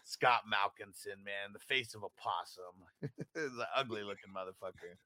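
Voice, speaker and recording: A man's voice: fairly low pitch, normal speed, pushed and bright, no echo. A man hosting a casual chat show, upbeat and laughing often as he talks to listeners about a bracket. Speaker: podcast host.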